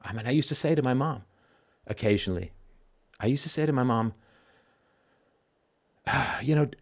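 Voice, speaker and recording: A man's voice: medium pitch, normal speed. Blunt, emphatic middle-aged man hosting a call-in show. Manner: emphatic and blunt, swears, keeps asking "right?". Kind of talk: conversational call-in monologue.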